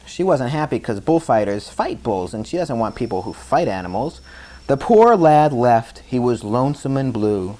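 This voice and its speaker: A man's voice: medium pitch, expressive, normal speed, few pauses, dark tone. A man reading a bedtime story aloud to a child in a chatty way, stopping to explain words as he goes.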